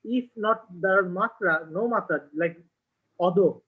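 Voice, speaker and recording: A man's voice: high voice, measured pace, phone-quality sound. A man in an online class, hesitantly asking questions to check his understanding. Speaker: student. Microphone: video call.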